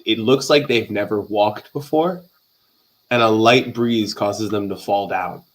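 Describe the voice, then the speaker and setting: Relaxed male host, lowish voice, casual questions. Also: unhurried, low-quality recording. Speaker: interviewer, host.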